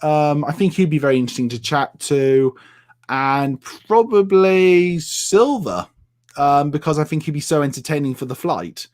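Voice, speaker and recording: A man's voice: on the high side, expressive, normal speed, darkish tone. A man from the United Kingdom chatting casually on a live stream and answering viewers' comments with plenty of fillers.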